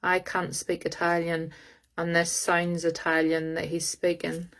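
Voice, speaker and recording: A woman hosts a live psychic reading, speaking into her phone. Her voice sits a little low and stays level, with little rise and fall. She talks haltingly and searches aloud for words as she goes. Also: monotone, fairly bright tone. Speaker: psychic medium.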